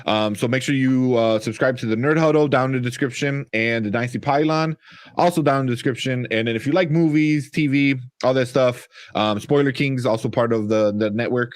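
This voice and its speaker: A man's voice: medium pitch, brisk, no echo, studio quality. A man with a Chicago accent hosting a casual sports chat, rambling along with lots of fillers and the odd curse. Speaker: podcast host.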